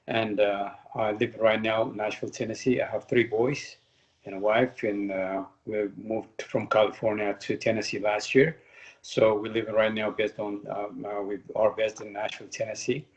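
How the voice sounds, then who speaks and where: Ethiopian-accented man, halting English. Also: on the low side, level tone. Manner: halting, non-native English with slow stretched phrases. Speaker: guest, former Olympic boxer and coach. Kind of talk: casual interview. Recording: muffled lo-fi audio.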